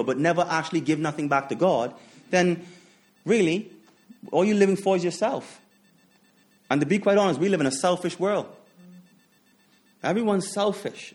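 Male preacher, fairly high voice, emphatic repetition, rhetorical questions, personal testimony. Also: a little mellow. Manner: testifying with personal stories, chuckling asides. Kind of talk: sermon.

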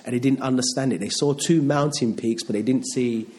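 A man's voice: medium pitch, fairly quick, darkish tone. Male preacher, middle-aged, conversational sermon delivery, frequent rhetorical questions.

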